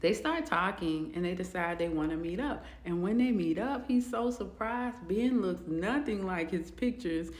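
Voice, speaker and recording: A woman casually telling a storytime, with animated, expressive asides. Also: lowish voice, moderate pace, few pauses. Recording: roomy echo.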